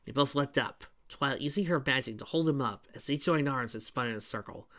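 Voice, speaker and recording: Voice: mid-range voice, a little fast, fairly bright tone. A fan reader narrating a fan story and adding chatty asides. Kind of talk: reading fan fiction with commentary.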